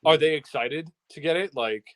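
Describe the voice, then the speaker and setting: A man co-hosting a casual podcast, chiming in with quick reactions and laughing along. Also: on the high side, a bit bright. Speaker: podcast co-host. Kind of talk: casual chat.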